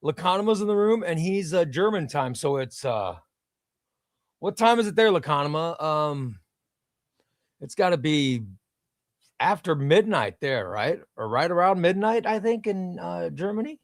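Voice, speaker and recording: Midwestern man hosting a livestream, chatty, reads chat aloud, fairly high voice, dry close sound. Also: animated, a little slow, no room sound. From United States. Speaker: livestream host. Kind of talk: casual live-stream chat.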